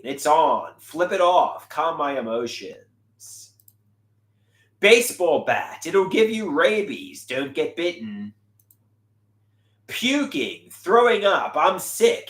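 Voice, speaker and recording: A man on a livestream showing his artwork, talking in a dramatic, halting way. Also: on the high side, fairly bright tone. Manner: dramatic, halting, shifting voices. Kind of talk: livestream chat. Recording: roomy echo.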